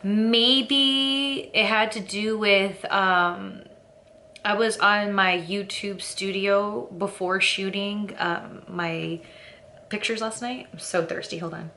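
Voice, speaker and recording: A woman's voice: medium pitch, steady tone, slow, bright, forceful tone, a little hiss or hum. A young woman from California chatting casually to camera as a vlogger, rambling and candid, with lots of fillers and laughing at herself.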